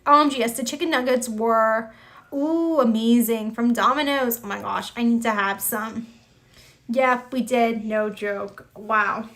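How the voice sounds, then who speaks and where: A woman's voice: fairly high pitch, unhurried, a bit bright. A woman hosting a livestream, chatting casually and giggling while answering viewers in the chat. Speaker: livestream host.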